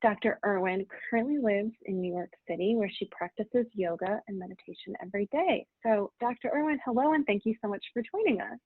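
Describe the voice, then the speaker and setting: A woman's voice: medium pitch, fairly quick, hardly any pauses, slightly rough, no room sound. A woman hosting a casual webinar interview, chatty and friendly, with lots of fillers. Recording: tinny dry phone-like audio.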